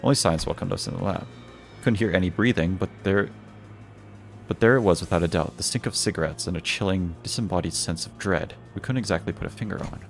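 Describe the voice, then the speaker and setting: A man reads a game's story text aloud on stream, now and then going back over words he trips on. His voice sits very low and has a gravelly, creaky edge. Soft music plays faintly underneath. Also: quick pace.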